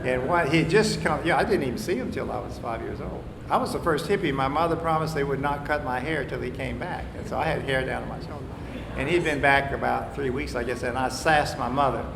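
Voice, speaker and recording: Gravelly older man in an echoey hall. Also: medium pitch, fairly quick, few pauses. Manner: chatty, laughs at his own stories. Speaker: host of a group storytelling session. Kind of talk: casual storytelling. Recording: echoey hall, loud background noise.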